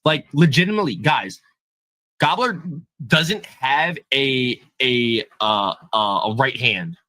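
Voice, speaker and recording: A man co-hosting a podcast, chatting casually about a movie in a hyped, animated way and often repeating himself. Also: medium pitch, slow, no echo. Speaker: podcast co-host. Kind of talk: casual movie review chat.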